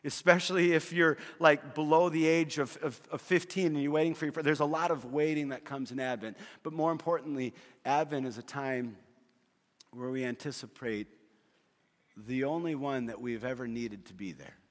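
In a medium-pitched voice at a moderate pace, a middle-aged pastor delivers a sermon full of humorous stories, often restarting his phrases. Long hall reverb surrounds the recording.

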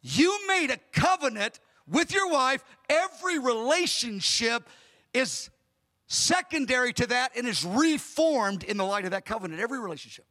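A man's voice: extremely high pitch, very animated, moderate pace, sharp tone. A man preaching a sermon as a pastor, emphatic, acting out dialogue as he tells stories. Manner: emphatic, acts out dialogue in storytelling.

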